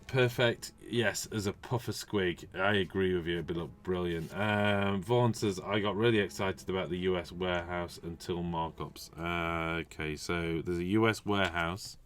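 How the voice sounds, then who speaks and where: A man's voice: low voice, a bit bright, clean tone. A man hosting a casual hobby livestream, rambling and chatty, with lots of restarts and asides. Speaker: host.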